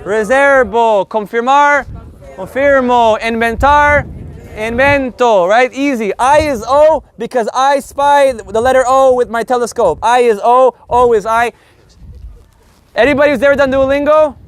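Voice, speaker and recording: A man teaching a live group Spanish lesson in an energetic, joking, profane way. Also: very high-pitched, unhurried, clear, resonant tone.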